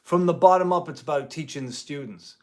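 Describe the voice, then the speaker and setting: A man's voice: fairly high pitch, fairly quick. A man who teaches music part-time, talking in a rambling vlog commentary with many restarts and mild euphemistic cursing.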